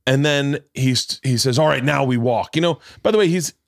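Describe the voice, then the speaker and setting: A middle-aged man hosting a podcast, telling a story in a loud, profane, animated way and acting out the voices in it. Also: mid-range voice, normal speed, creaky, no room sound, studio quality. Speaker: podcast host. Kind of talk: casual storytelling chat.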